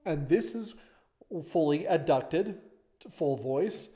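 Mellow-voiced male voice teacher. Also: a little high, expressive, slow pace. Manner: explains step by step, pointing to a diagram. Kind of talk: vocal lesson explanation.

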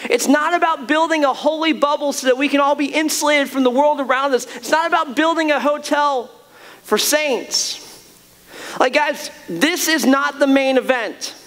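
A man's voice: very high-pitched, moderate pace, fairly bright tone. A male pastor preaching a sermon to his church, earnest and emphatic, often restarting phrases as he builds his point.

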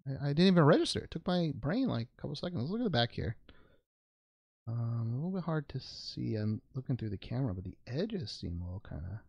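Lively, gravelly-voiced man unboxing cards. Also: mid-range voice, quick pace, no room sound, dull audio. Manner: rambling, joking, with playful made-up words. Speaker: trading card unboxing channel host. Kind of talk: casual unboxing commentary.

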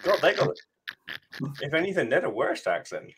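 A man's voice: on the high side, sing-song, normal speed, background noise. Dry-humored British man on a call. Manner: dry, questioning, explains at length. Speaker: co-host developer. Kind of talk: casual technical chat.

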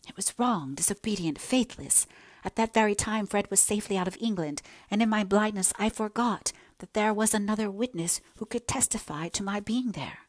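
A woman's voice: medium pitch, normal speed, no room sound, natural voice. A woman voicing an earnest, remorseful young woman in an audiobook, confessing in an emotional, pleading way. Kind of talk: audiobook character reading.

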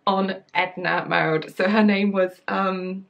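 A woman's voice: mid-range voice, fairly even intonation, slow, vocal fry, fairly bright tone. A young woman hosting a sewing channel, chatting casually and gushing with enthusiasm, with lots of fillers and restarts. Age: young adult. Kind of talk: casual chat.

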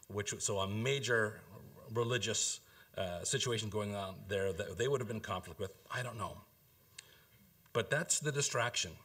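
A man preaching a sermon as pastor, earnest and emphatic, asking rhetorical questions and dropping to a soft, low voice for key points.

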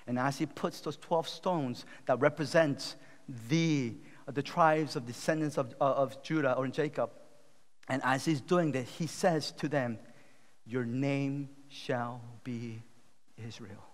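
The recording, with its long hall reverb, captures a man preaching in a church sanctuary. Retelling a Bible story, the pastor alternates loud, emphatic bursts with quiet, low, slow appeals.

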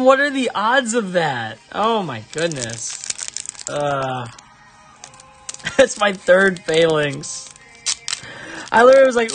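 A man chatting casually on a live stream while opening trading cards, excitable and prone to high exasperated yelps. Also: takes it slowly, soft background music. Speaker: live-stream card opener.

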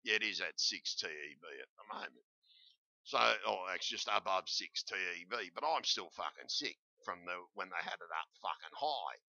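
Sick, profane Australian guy ranting to camera; low, sharp voice, dry lo-fi sound. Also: animated, normal speed, creaky, dry recording. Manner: agitated, heavily profane, rambling. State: ill and in pain. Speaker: vlogger.

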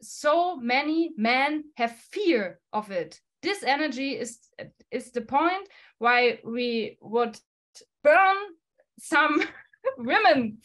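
Woman guest, slightly high voice, non-native English, forceful and blunt, laughs a lot. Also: lively intonation, takes it slowly. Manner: emphatic, laughs often, blunt swearing. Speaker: guest musician. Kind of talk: podcast interview answer.

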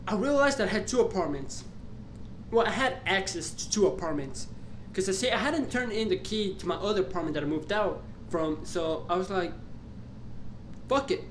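There's lively intonation and a fairly quick pace to this young vlogger's mid-range voice, plus slight hiss or hum. Casually and profanely, they retell a story in an exasperated, rambling way with frequent restarts, amid roomy echo and faint background sound.

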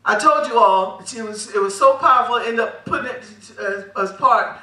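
A woman pastor delivers a sermon in a high, bright voice, pressing questions that the congregation answers back. She laughs lightly as she preaches. The sound carries a roomy echo from a mic set some distance away. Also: normal speed. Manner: emphatic call-and-response preaching. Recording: echoey hall, mic at a distance.

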